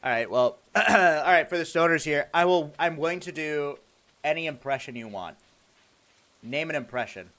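A young man streaming a game, chatting casually with his viewers in a joking, animated way and laughing often. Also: on the high side, normal speed. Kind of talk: casual livestream chat, reacting to chat.

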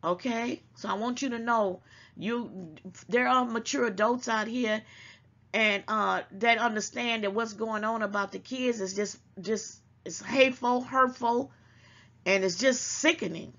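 A woman with a gravelly, fry-heavy voice gives casual, emphatic commentary straight to her viewers. She lectures a little as she talks and keeps calling them baby. The sound is dull and lo-fi. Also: a little high, measured pace, a bit bright. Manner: emphatic and preachy, calls listeners baby. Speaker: channel host.

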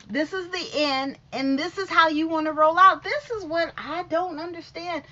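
A woman's voice: very high-pitched, normal speed, bright, forceful tone, dull audio. A woman vlogger, sick and stuffy-nosed, giving dramatic, sassy celebrity gossip commentary and talking back to people who aren't there.

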